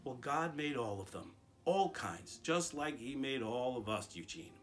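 A man reading aloud, voicing a gentle, wise school principal who speaks quietly and kindly. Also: mid-range voice, animated, unhurried, soft background music, natural voice. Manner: quiet, gentle and warm-hearted.

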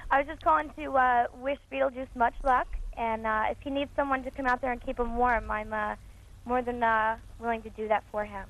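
A woman from New Jersey calls into a radio show, flirty and giggly, halting on fillers as she speaks. Her voice is high-pitched. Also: steady tone, a bit bright, poor audio. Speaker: caller. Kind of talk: phone-in call.

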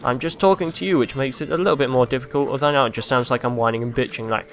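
A young man commentating a video game he is playing, rambling and crude, mocking himself and breaking into silly yells. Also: mid-range voice, fast, hardly any pauses. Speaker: let's play host.

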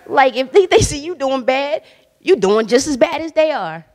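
A woman's voice: sits high, animated, moderate pace, a little mellow. A woman guest minister giving a casual, conversational sermon, emphatic and bold, with slang and frequent laughter. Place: church hall. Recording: long church hall reverb.

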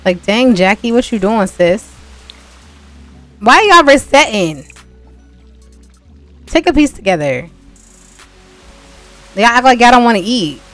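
A woman's voice: on the high side, lively intonation, moderate pace, long pauses, soft background music. Chatty young woman narrating gameplay. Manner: chatty, talks straight to viewers, exasperated asides. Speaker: gameplay vlogger. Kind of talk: casual gameplay commentary.

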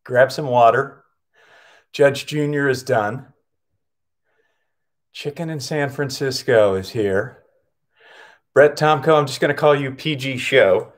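A man's voice: medium pitch, takes it slowly, pauses often. A man running a live-streamed PE class, upbeat, calling out nicknames and counting exercise reps, short of breath from working out. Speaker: PE coach.

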